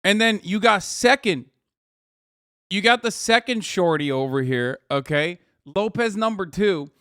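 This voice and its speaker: A man's voice: high-pitched, expressive, a little slow, a bit bright, no room sound, studio quality. A man in his thirties casually commenting on a video as a streamer, profane and mocking.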